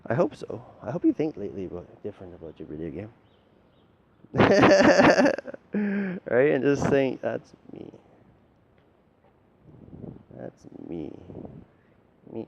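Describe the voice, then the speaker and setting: A man's voice: on the low side, vocal fry, noisy background. A man delivering a rambling, profane, lecturing monologue straight at the listener. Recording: dull lo-fi recording with faint ambience.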